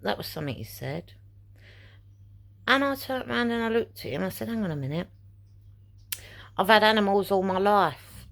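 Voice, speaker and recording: A woman's voice: mid-range voice, lively intonation, normal speed, creaky, long pauses. A middle-aged woman telling a personal story in a casual vlog, indignant and rambling as she re-enacts conversations. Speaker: vlogger.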